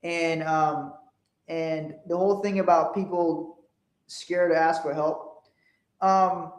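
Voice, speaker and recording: A middle-aged man hosting a casual motivational talk, rambling with frequent restarts and growing animated when he tells stories. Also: on the high side, slow, echoey room. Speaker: podcast host.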